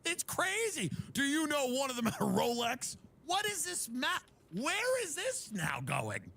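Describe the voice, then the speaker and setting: High-pitched man ranting in disbelief. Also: wildly swooping pitch, a little slow, gravelly, bright, forceful tone. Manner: exasperated, incredulous, sarcastic; acts out friends' voices in mocking asides. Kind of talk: comedic rant.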